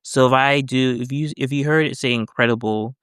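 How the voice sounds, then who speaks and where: A man's voice: mid-range voice, steady tone, brisk, a bit bright, clean tone, no room sound, studio quality. A man casually explaining his screen as he works, rambling with self-corrections. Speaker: developer demoing voice prompts. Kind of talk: casual screen-recorded tutorial.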